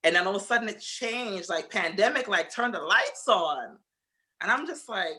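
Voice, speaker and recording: A woman's voice: mid-range voice, lively intonation, moderate pace, sharp tone. A woman telling a personal story in casual podcast chat, blunt and full of profanity. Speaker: podcast guest.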